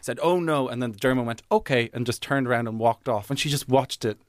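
A young man chats easily in an interview, breaking into laughs and quick acted-out quotes. His voice sits at a middling pitch, recorded dry and close. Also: fairly even intonation, no echo. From Ireland. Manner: chatty, laughs often, acts out quotes. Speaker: comedian guest. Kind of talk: casual interview chat.

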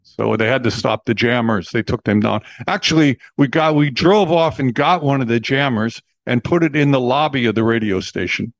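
A man's voice: medium pitch, moderate pace, hardly any pauses, dry recording, muffled recording. Chatty American man in his seventies. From Texas, USA. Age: 70s. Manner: chatty, laughs often, acts out quoted voices. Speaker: radio disc jockey. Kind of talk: relaxed interview storytelling.

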